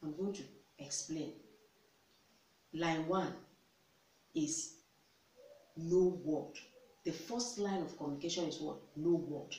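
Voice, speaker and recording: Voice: medium pitch, takes it slowly, long pauses, darkish tone. A relationship advice vlogger giving instructive counsel, emphatic, repeating key words and posing rhetorical questions. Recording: echoey room, distant mic, faint hiss.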